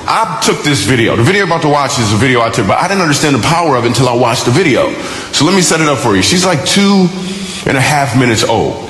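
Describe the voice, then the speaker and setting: A man's voice: medium pitch, sing-song, fast, a little hiss or hum. A man preaching a sermon through a personal story, talking in a conversational, joking way before turning earnest. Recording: roomy hall with loud music underneath.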